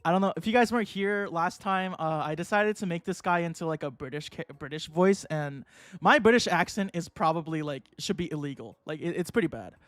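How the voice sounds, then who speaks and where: Excitable young man streaming, high voice. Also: fairly quick, no room sound, faint music behind. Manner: excitable, swearing, laughing often. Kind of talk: casual livestream commentary.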